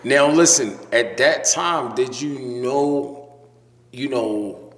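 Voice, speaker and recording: Male podcast host, slow deliberate questions, echoey room. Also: medium pitch, fairly bright tone. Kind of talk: casual interview.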